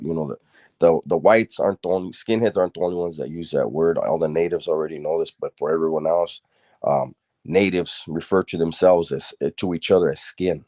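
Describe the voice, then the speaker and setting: Deep-voiced blunt streetwise man. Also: fairly even intonation, fairly quick, a little mellow, no room sound, clean studio sound. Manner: rambling and streetwise, many fillers and restarts, blunt swearing. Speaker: storyteller. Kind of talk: casual storytelling monologue.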